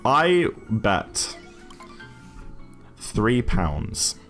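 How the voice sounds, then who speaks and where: A man from Newcastle with a mixed northern and southern English accent, chatting casually on a stream in a rambling way. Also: fairly low pitch. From Newcastle, England. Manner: rambling, chatty, frequent restarts and fillers. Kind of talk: casual chat while gaming.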